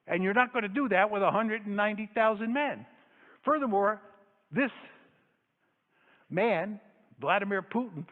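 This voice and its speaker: Man lecturing, forceful and repetitive, with a somewhat high voice; tinny, phone-thin sound in a reverberant hall. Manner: emphatic and argumentative, hammering points through repetition. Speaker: lecturer addressing an audience. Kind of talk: public lecture. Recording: echoey hall over a tinny phone-like line.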